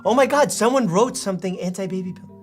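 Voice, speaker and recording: A thirties-aged male doctor reacts to memes in a playful, joking way, laughing a lot and now and then pausing to explain medical facts. His voice is high-pitched and fast, with faint music in the background. It's casual meme reaction commentary.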